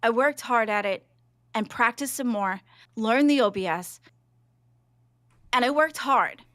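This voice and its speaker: A high-voiced woman, a regular on a livestream show, talks in a heated, emphatic way. Her voice is bright and edged and goes squeaky when she gets loud. The sound is dry and close. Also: a little slow, no room sound. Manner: worked-up, emphatic ranting. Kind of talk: livestream reaction chat.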